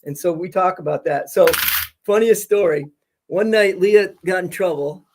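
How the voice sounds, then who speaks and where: A man's voice: high voice, normal speed, noisy background. A middle-aged man, a school principal, telling stories on a video-call podcast with lots of energy and laughter. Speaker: high school principal, guest. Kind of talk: casual podcast interview storytelling.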